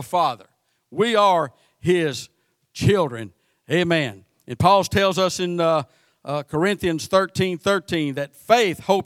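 Halting preacher man. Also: a little high, fairly bright tone, no room sound, clean studio sound. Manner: halting, repeats words often. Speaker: pastor. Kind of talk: sermon.

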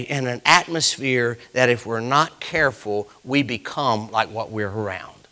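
A male pastor, preaching a folksy sermon full of stories that swells to loud exclamations. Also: medium pitch, a little slow, few pauses.

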